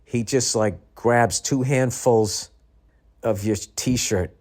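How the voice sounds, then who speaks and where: A man's voice: medium pitch, slow pace. A middle-aged man hosting a podcast, telling rambling comic stories in a tired, profane, casual way, now and then imitating voices. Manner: profane, rambling, animated storytelling with mimicked voices. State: tired, yawning. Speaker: podcast host. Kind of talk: casual comedic monologue.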